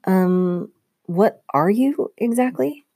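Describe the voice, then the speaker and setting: A woman's voice: medium pitch, animated, slow pace, mellow, no echo, studio quality, pitched above the performer's own voice. A woman voicing a bewildered twelve-year-old boy who fires off incredulous questions.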